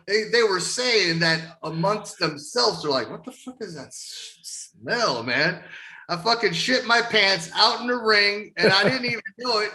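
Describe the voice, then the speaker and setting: A middle-aged man telling wrestling stories in a casual interview, swearing often and laughing as he goes. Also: high-pitched. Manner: profane, laughing, animated storyteller. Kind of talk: casual storytelling.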